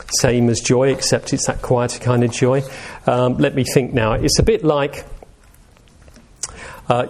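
A meditation teacher with a medium-pitched voice gives an informal talk, gentle and conversational, and often asks his listeners questions.

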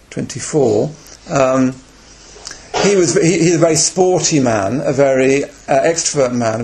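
Reflective man in his forties, gravelly edge, self-deprecating retreat storyteller. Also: medium pitch, darkish tone. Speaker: Buddhist speaker on retreat. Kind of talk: personal anecdote talk.

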